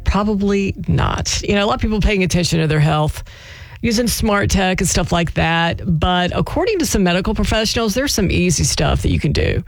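A woman's voice: mid-range voice, expressive, brisk, creaky, dry recording. Chatty self-mocking woman radio host. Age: adult, married. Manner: chatty, self-mocking, laughs mid-sentence. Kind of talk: casual radio chat.

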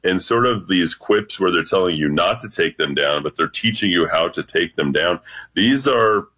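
Deep-voiced husky man on late-night radio. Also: normal speed. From United States. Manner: deep voice remarked on by host, lively delivery. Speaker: radio show regular guest.

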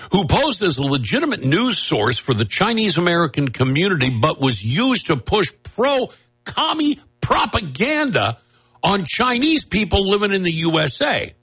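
A husky-voiced man talking through the news in a loose, rambling commentary. His pitch sits a little high and swings widely as he mocks and wisecracks. He breaks off for asides and laughs at his own jokes. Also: a bit bright. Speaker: political commentary host. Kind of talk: casual political commentary monologue.

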